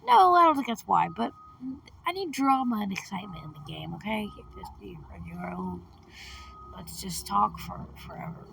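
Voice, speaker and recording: A woman's voice: mid-range voice, expressive, moderate pace, vocal fry, fairly bright tone, distant mic, a little hiss or hum. A woman with a cold, chatting casually and reading a chatbot game's lines aloud with a laugh. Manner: chatty, laughs often, calls out characters. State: has a cold. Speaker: gaming vlogger.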